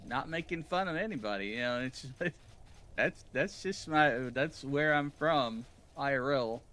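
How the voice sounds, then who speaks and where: A man's voice: fairly high pitch, expressive, a little slow, sharp tone. A man from the southeastern United States with a light Southern accent, chatting casually and grumbling while streaming a game and answering chat.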